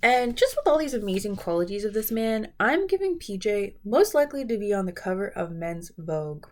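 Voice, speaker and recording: A woman's voice: medium pitch, sing-song, a little fast. A young woman chatting casually and playfully about reality TV contestants in a vlog. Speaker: beauty and reality TV vlogger.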